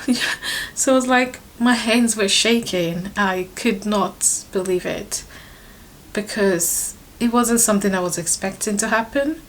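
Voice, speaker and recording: A woman's voice: mid-range voice, a little slow. Emotional young woman telling a storytime. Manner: emotional, laughs often, restarts sentences. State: pregnant, third trimester. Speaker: vlogger. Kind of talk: casual storytime to camera.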